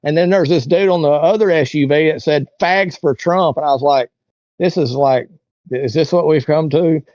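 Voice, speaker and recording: A man's voice: a little high, moderate pace, a little mellow, no room sound. A man, telling a story as an interview guest and acting out what people said. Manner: acts out quoted voices while telling a story. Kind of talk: casual storytelling. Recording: dull dry lo-fi sound.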